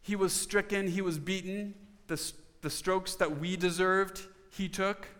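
Guy preaching a sermon, kinda high voice, earnest and chatty, big echoey church sound. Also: fairly even intonation, measured pace, a bit bright. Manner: earnest, conversational preaching with audience questions. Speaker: pastor.

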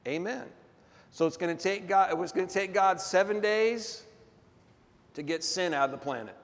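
Male pastor, high voice, emphatic call-and-response sermon, long hall reverb. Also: normal speed.

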